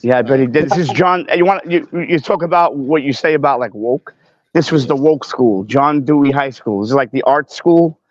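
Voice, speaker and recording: A man's voice: medium pitch, normal speed, dry recording. A man from Brooklyn chatting casually on a live stream as he walks the city streets, boisterous and profane, laughing often. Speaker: guest streaming while walking. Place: outdoors on city streets, walking. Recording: muffled live-stream audio.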